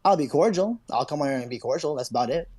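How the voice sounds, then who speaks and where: A man calling into a stream, caught in a heated argument. He talks haltingly, keeps repeating himself and sounds defensive. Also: on the high side, lively intonation, darkish tone. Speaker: guest.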